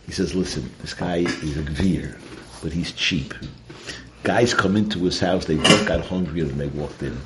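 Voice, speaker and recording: A man's voice: a bass voice, normal speed, background noise. A man giving a Torah talk full of stories, mixing in Yiddish and Hebrew terms. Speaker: Torah teacher.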